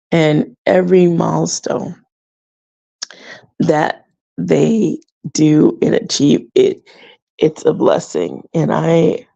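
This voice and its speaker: A middle-aged woman hosting a faith podcast, talking casually and reflectively with frequent soft laughs. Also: lowish voice, creaky, no room sound, highs cut off. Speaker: podcast host. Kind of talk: casual personal talk.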